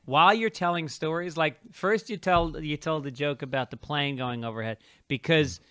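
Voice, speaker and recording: A man's voice: a little high, moderate pace, pushed and bright, clear, resonant tone, no room sound, studio quality. A man hosting a comedy podcast, wry and riffing, steering the talk back on topic. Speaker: podcast host. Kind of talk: casual comedic chat.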